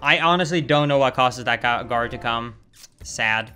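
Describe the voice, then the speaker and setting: A man's voice: mid-range voice, moderate pace. A young man streaming a speedrun who exclaims often and keeps saying "dude", with faint game music behind him. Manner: excitable, exclaims often, says "dude" a lot. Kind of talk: live gameplay commentary.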